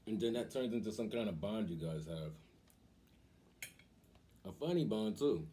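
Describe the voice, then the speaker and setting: A young man hosting a vlog, telling a casual story in an animated way and acting out the voices of the people in it. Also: lowish voice, moderate pace, slight background noise. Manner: animated, acts out quoted voices. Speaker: vlog host.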